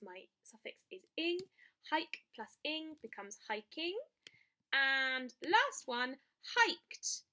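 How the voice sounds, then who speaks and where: A young woman teaching children a spelling lesson, chanting the rules slowly and with emphasis. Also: a little high, bright, forceful tone. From England. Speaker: primary school teacher.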